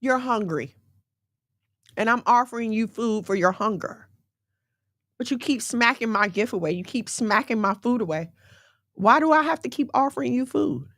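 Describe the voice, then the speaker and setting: A woman giving a conversational sermon in a direct, animated way, mixing scripture with everyday slang. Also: on the high side, normal speed, long pauses, no room sound, clean studio sound. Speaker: faith teacher.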